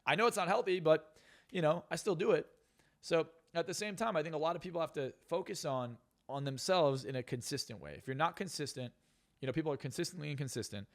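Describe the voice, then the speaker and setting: Fast and fairly high-pitched, this man appears as a guest on a casual podcast. He talks bluntly, swears, and rants with firm opinions.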